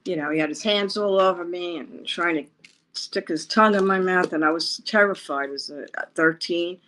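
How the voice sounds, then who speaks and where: A woman from Long Island, New York, recounting her past in an interview, with a halting, rambling, emotional way of telling it. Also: fairly low pitch, a bit bright, rough recording. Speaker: interview guest. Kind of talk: personal storytelling interview.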